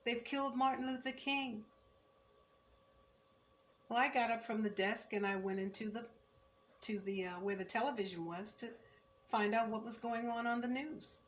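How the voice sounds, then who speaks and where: An older woman in her seventies recalling her student years in a measured, reflective oral-history telling, turning firm when she speaks of injustice. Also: a little high, fairly even intonation, slight background noise. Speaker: former student recounting memories.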